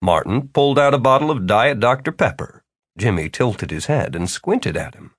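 A man narrates an audiobook, reading a scripted story aloud with wry, expressive delivery. His pitch is medium and his pace moderate, recorded in studio quality with no echo.

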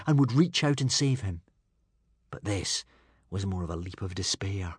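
Expressive male narrator, husky, dry close sound, lively dramatic delivery. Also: medium pitch, no echo. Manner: dramatic, dropping to a hush for suspense. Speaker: audiobook narrator.

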